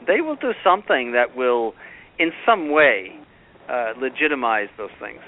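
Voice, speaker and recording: A man's voice: medium pitch, sing-song, measured pace, a little hiss or hum. A man giving stern doctrinal commentary, driving his points home with firm repetition. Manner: emphatic, repeats points firmly. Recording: phone-like narrow band.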